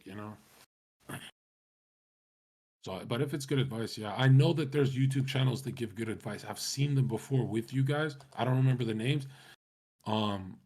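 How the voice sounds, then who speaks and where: A man talking casually to his stream chat, rambling and swearing, with many restarts. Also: mid-range voice.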